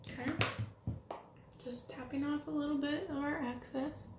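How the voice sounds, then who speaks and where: A young beauty vlogger chats through a casual makeup tutorial at home, gushing and excitable as she applies her makeup. Her voice is a little high and her speed is normal. The home room, lit by setting sunlight, sounds roomy and echoey with a faint ambient hum underneath.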